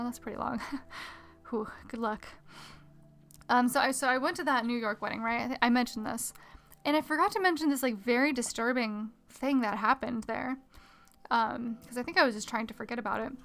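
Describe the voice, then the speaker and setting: A woman with a slightly high voice talks casually to her chat while she draws. She tells her story in a rambling, animated way, full of fillers. Quiet music plays faintly in the background. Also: vocal fry. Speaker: art streamer. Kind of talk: casual live-stream chat while drawing.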